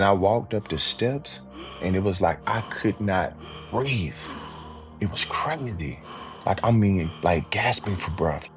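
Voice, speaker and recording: A man guest on an interview show, telling his story casually and animatedly, often acting out other people's lines. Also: low-pitched. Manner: casual, repeats "you know what I mean". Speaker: podcast guest.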